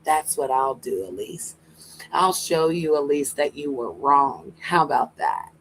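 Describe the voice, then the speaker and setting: A woman's voice: sits low, animated, a little slow, a little hiss or hum, low-quality recording. A woman doing livestream commentary, taunting and mocking a rival with sarcasm and swearing. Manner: talks to a rival by name.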